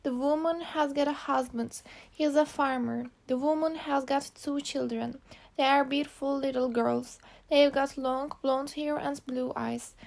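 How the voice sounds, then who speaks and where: Woman reading an easy storybook for english learners, high voice, kinda gravelly, careful and plain. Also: fairly even intonation, a little slow, darkish tone. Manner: plain, careful reading of short simple sentences. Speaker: narrator. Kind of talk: graded reader narration for learners.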